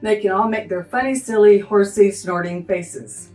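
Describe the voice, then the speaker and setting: A woman's voice: mid-range voice, moderate pace, mellow, roomy sound, distant mic. A woman music teacher walking through a lesson, acting out animal sounds as she explains. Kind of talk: teaching tutorial.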